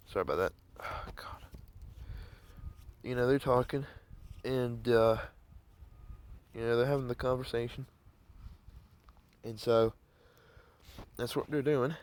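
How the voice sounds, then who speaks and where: A man's voice: medium pitch, darkish tone. A man casually telling a rambling story to the camera, with many fillers and restarts. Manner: rambling, filler-heavy retelling. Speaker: vlogger.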